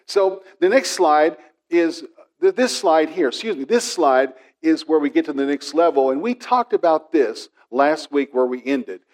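A man's voice: fairly high pitch, unhurried. A middle-aged man preaching a sermon, telling a personal story and acting out the voices in it. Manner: storytelling, animated with quoted voices. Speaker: pastor.

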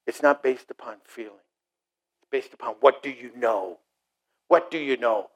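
A middle-aged man preaching a sermon to a congregation, animated, acting out short mocking voices and asides. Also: medium pitch, moderate pace, long pauses, rough recording. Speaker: pastor.

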